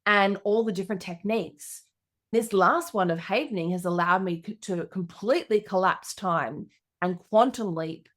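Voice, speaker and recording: A middle-aged woman, a coach telling stories on her podcast with lively, animated delivery. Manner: lively, animated storytelling with big pitch jumps. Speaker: business coach. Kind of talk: storytelling podcast monologue.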